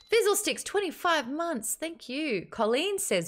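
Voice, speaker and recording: A woman's voice: sits high, sing-song, a little slow, few pauses. A woman streaming live, reading chat messages and a book aloud in a playful, giggly way.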